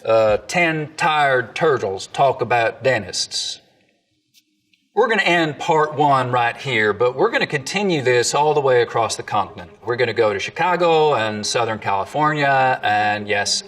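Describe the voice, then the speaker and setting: A man of medium pitch hosts an accent lesson and stops to sound out examples as he goes. His voice is recorded a bit away from the mic, with faint music underneath. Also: lively intonation, brisk, a bit bright, recorded from a distance. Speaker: host and dialect coach. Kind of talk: scripted educational narration.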